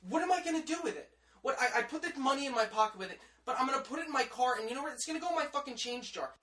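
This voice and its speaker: A man's voice: extremely high pitch, lively intonation, rapid-fire, bright, forceful tone. A man in his thirties, co-hosting a podcast, delivering a vulgar, over-the-top comedic rant. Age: 30s. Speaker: podcast co-host.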